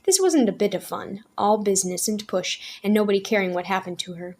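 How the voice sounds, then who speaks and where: A woman storyteller gently and expressively reading a children's novel aloud. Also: mid-range voice, animated, brisk.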